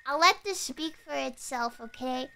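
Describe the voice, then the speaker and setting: A woman streamer telling a story in casual chat, animated, laughing often and breaking into shrieks and swearing. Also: high-pitched, moderate pace, gravelly.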